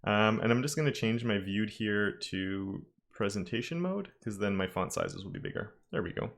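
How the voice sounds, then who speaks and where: A man's voice: fairly low pitch, expressive, moderate pace, gravelly. A man teaching a live-streamed coding lesson, talking casually and thinking aloud with frequent self-corrections. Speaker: web development instructor.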